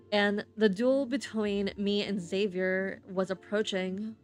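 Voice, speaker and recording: Slow, halting woman streamer reading aloud. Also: mid-range voice, steady tone, soft background music. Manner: halting reading with frequent slips and restarts. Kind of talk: reading game narration on stream.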